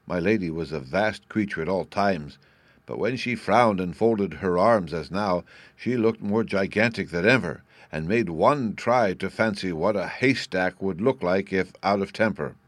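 Low-voiced man reading a storybook. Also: measured pace, dry recording. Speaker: narrator. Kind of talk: storybook narration.

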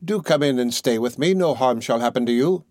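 A man voicing an old woman witch in a storybook reading, speaking softly and coaxingly. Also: medium pitch, lively intonation, no echo, studio quality, close to an everyday voice. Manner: soft, slow, wheedling.

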